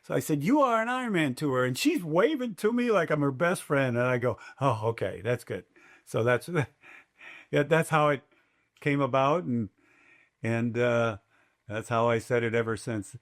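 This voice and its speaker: An older man who works as a race announcer tells stories in a podcast interview. His mid-range voice moves at normal speed, and he's animated, acting out quotes in a raised voice.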